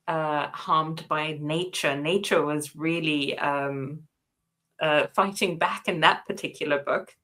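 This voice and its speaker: Slightly low-voiced woman discussing books. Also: a bit bright. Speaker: book club co-host. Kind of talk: casual book discussion.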